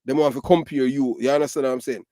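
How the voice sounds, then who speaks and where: A man's voice: mid-range voice, steady tone, fast, mellow, dry recording, clean studio sound. A middle-aged man from Jamaica with a Jamaican Patois accent, giving emphatic, repetitive commentary full of fillers. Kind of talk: casual ranting commentary.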